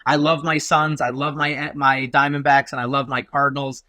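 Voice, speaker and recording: A man from Arizona, a guest lawyer on a podcast, telling an animated story and acting out what people said. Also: medium pitch, normal speed, no room sound. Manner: animated storyteller, acts out quoted voices.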